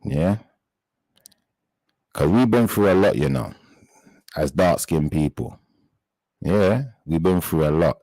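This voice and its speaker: A man hosting a live stream chat, talking straight to his viewers in an indignant, halting way and often reaching for words. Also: low voice, lively intonation, gravelly, dark tone, no echo, rough recording.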